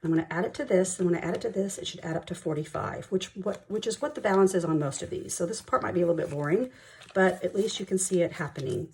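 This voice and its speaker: Woman, chatty and excitable, low mellow voice, counting money on camera. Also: quick pace, slight background noise. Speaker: budgeting vlogger. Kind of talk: casual chat while counting cash.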